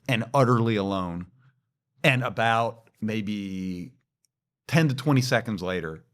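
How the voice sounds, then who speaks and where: A man co-hosting a podcast, telling a personal story in a lively, animated way. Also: on the low side. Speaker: podcast co-host. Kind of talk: storytelling in casual chat.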